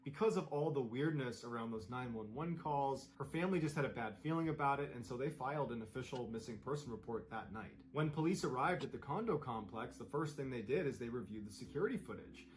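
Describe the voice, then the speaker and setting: A man's voice: mid-range voice, lively intonation, fairly quick, hardly any pauses. A man narrating a true crime story in a conversational, dramatic retelling style.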